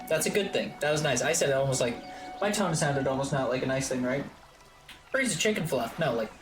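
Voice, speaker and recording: Low-voiced woman chatting on stream. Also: fast talker, over music. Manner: chatty and rambling, swears freely. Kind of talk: casual chat while gaming. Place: home streaming room.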